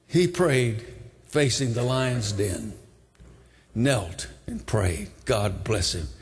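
An older man preaching a sermon, retelling a story with dramatic swings from hushed tones to shouting. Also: on the high side, husky. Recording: long hall reverb.

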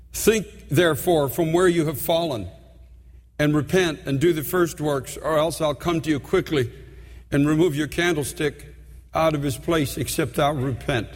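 A man with a high voice delivers a sermon as a pastor, earnest and heartfelt, slowing down to press his points through repetition. His voice rings out with a long reverb trailing behind it. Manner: earnest, heartfelt preaching with slow emphatic repetitions.

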